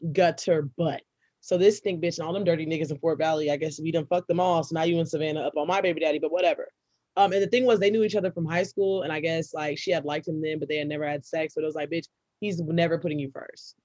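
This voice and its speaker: A young woman, a podcast co-host, telling a personal story in casual, profane chat and breaking into loud, laughing outbursts. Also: low voice, steady tone, fast talker, dry recording, lo-fi sound.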